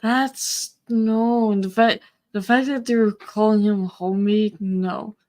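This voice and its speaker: A woman's voice: mid-range voice, steady tone, takes it slowly, a little mellow. A woman reviewing a podcast live, incredulous and swearing freely. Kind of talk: casual reaction chat.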